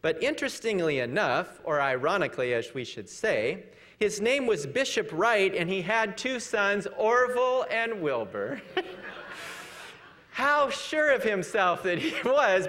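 A preacher with a high-pitched voice delivers an earnest, conversational sermon. He questions his listeners directly and slows to a measured pace for scripture. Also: very animated, fairly bright tone.

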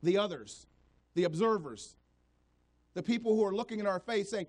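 A man preaching a sermon, swinging between hushed, low passages and raised, emphatic ones, voicing scripture and imagined doubters as he goes. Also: expressive, normal speed, pauses often. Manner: voices scripture and imagined doubters in quoted speech. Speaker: pastor.

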